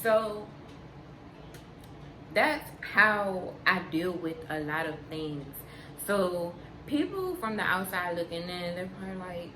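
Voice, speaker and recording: A young woman vlogger chatting candidly to camera, unhurried and frank, repeating her points for emphasis. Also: fairly low pitch. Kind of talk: candid casual chat to camera. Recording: roomy sound with steady background noise.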